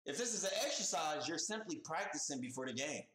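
A man reacting to a news clip in loose, profane street slang, hammering his points again and again. His voice sits fairly high and leaps around with lively swings. The sound bounces in an echoey room. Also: quick pace, a little hiss or hum. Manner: animated, profane, street slang, repeats himself. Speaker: reaction video host. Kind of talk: casual reaction commentary. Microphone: headphones on, desk mic.

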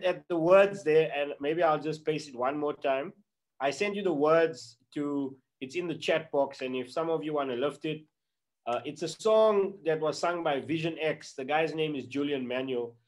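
A man with a South African English accent, presenting chattily and upbeat to a church group on a video call. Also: a little high. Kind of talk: casual online meeting presentation.

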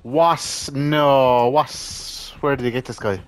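A man giving casual, swear-heavy commentary over his own gameplay, excitable and panicky. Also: medium pitch, slow, a little hiss or hum. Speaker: gamer making funny-moments videos.

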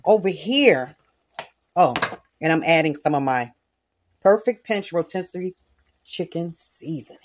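A woman's voice: sits low, animated, measured pace, pauses often, background noise. A middle-aged woman hosting a home cooking video, talking candidly and earnestly about her faith while she cooks. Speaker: cooking channel host. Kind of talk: casual cooking vlog with personal testimony.

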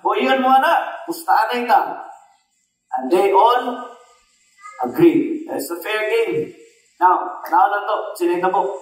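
A man with a Cebuano Filipino accent preaching a sermon, mixing English and Cebuano and telling a story with lively asides to the congregation. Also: high voice, slow pace, pauses often. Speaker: pastor. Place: church service in a hall. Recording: echoey hall from a distant mic.

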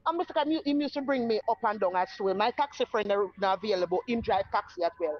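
A woman's voice: medium pitch, quick pace, no room sound, muffled recording. A woman with a Jamaican accent tells her own story in casual talk and acts out the voices of the people in it. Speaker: guest telling her story.

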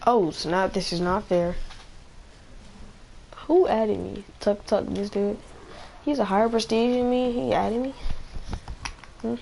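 A man giving live gameplay commentary, excitable, trash-talking in slang and repeating phrases. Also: high voice, slow pace, creaky, pauses often, a little hiss or hum. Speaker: gamer.

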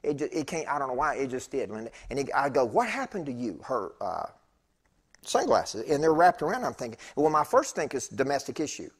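A man preaching in church, telling a personal story in a chatty, animated way with laughing asides to the congregation. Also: mid-range voice, a little fast, husky. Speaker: pastor. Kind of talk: storytelling sermon. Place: church sanctuary.

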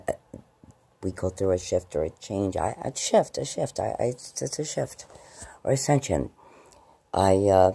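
Woman vlogger, deep gravelly voice, dark mellow tone, rambling casual talk, home camera. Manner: rambling, drifts into high baby talk to her cats. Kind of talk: casual late-night vlog. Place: at home, indoors.

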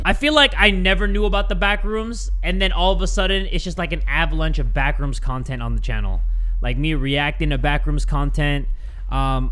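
A man's voice: a little high, background noise. A man hosting a gaming video, giving casual commentary with sudden yelps, swearing and jokey asides.

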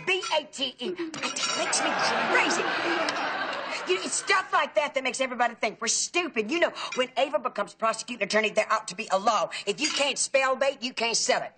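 An actress playing a chatty, fussy aunt who rambles through gossip and stories. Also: female voice, a little high, background noise, close to an everyday voice. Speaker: aunt staying with the family. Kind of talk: sitcom acting.

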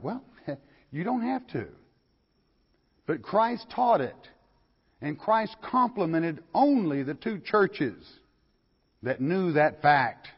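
Older pastor with a folksy teaching manner, a bit husky, lo-fi hall recording. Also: male voice, a little high, sing-song, slow, pauses often. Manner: folksy, questioning the listeners and reading scripture aloud. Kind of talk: verse-by-verse Bible lecture.

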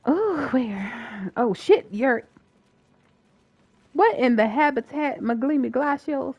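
A woman streams a co-op game with a voice that leaps up and down through her pitch. She talks loosely and playfully, tossing out curses and jokes as she loots and fights. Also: lively intonation, slow pace, husky, no room sound, highs cut off. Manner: playful, swears and laughs often. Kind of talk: casual gaming chat.

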